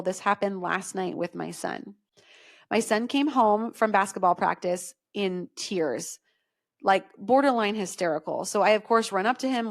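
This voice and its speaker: A woman's voice: medium pitch, creaky. Emphatic woman podcast host coaching listeners. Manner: conversational, emphatic, frequent "okay?" check-ins. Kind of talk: solo podcast teaching.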